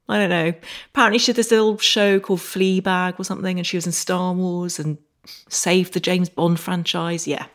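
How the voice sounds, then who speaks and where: A woman hosting a podcast, narrating reflectively with a dry, wry humour. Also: fairly low pitch. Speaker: podcast host.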